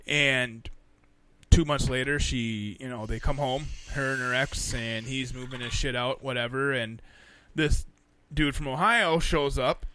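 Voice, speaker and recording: A man's voice: medium pitch, a little slow, a little hiss or hum. A man in casual, crude podcast banter, telling a story with lots of swearing and acted-out quotes. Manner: animated storyteller, swears a lot, acts out quotes. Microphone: podcast studio mic.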